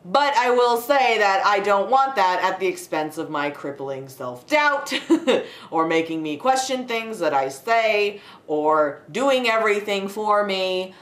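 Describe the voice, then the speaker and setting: A woman's voice: medium pitch, animated, unhurried, fairly bright tone. A young woman ranting about a film she watched, sarcastic and foul-mouthed, with frequent laughter. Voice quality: sarcastic, profane, laughs often. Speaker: video creator reviewing a film. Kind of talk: casual ranting film review. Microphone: home setup with a desk light. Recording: echoey room.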